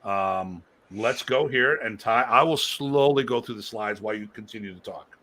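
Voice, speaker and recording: A man's voice: on the low side, moderate pace, pushed and bright. A man hosting a casual live-stream discussion as a martial arts instructor, rambling and emphatic, prone to launching into rants.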